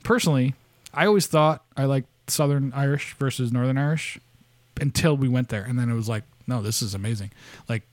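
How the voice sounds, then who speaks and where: A man's voice: medium pitch, fairly quick, no room sound. A man from upstate New York hosting a podcast, chatting in a rambling, casual way, laughing often and swearing freely. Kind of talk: casual chat.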